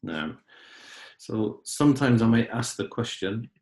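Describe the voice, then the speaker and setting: A man teaching a class, patiently explaining words step by step and often clearing his throat. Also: mid-range voice, animated, unhurried, a little mellow, reverberant. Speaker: Arabic teacher. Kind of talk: online class lesson.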